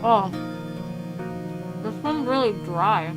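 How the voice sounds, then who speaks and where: A woman's voice: a little high, expressive, slow pace. A woman streamer chatting casually and giggling at herself while playing a game. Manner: chatty, giggly, self-mocking. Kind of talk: casual gaming stream chat. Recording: game music behind the voice.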